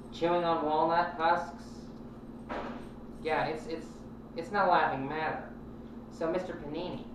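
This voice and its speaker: A gruff, paranoid talk-radio host, played by a woman who rambles sarcastically and lashes out at callers. The voice sits very low and lands from a distance in a strongly echoing room. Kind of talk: comic talk-radio rant. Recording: very echoey room, distant mic, noisy.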